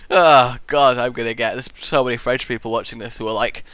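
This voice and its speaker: A man casually answering viewer questions in a goofy, animated way, often breaking into shouts and sound effects. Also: medium pitch, quick pace, few pauses, no echo. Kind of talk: casual Q&A vlog.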